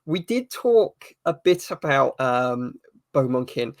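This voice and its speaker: A man's voice: mid-range voice, sing-song, slow pace, dry recording. Thoughtful man, dry recording. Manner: thoughtful, hesitant, dry humor. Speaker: author as guest. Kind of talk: casual interview answers.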